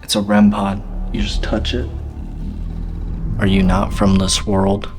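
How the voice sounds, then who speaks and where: A man's voice: on the low side, completely flat delivery, a little slow, over music. A man hosting a paranormal investigation vlog in an old school, bluntly questioning a spirit and swearing often. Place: old school building, indoors.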